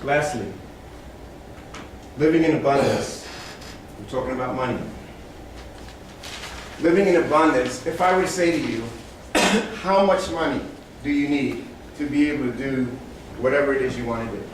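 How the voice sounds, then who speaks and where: At a moderate pace and medium pitch, pausing often, a motivational speaker tells a small live audience stories about animals, acting out their voices with sharp energy shifts. A little hiss or hum sits under the audio, and the echoey room and distant mic are audible.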